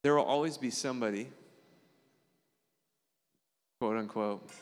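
A man preaching a conversational sermon as pastor, earnest and animated, often checking in with the congregation through quick tag questions. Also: clean tone, in a large hall. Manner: earnest, animated preaching with sudden jumps in pitch.

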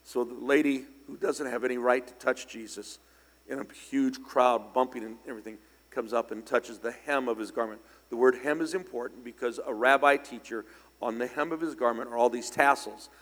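Older preacher in a reverberant hall. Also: male voice, mid-range voice, steady tone, normal speed. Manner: conversational, with sudden loud emphatic bursts. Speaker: pastor. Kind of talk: storytelling sermon. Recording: long church hall reverb.

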